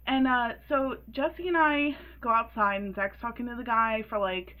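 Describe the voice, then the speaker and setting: A woman in her early twenties telling a story in a casual vlog, animated and sassy, laughing often. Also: a little high, normal speed, low-quality recording. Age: 20s. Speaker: vlogger.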